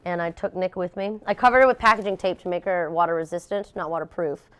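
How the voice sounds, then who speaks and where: A young woman with a smooth, clear voice pitched a little low tells stories in a casual interview. She is a pastry chef, animated and quick to laugh, slipping into the voices of the people she quotes.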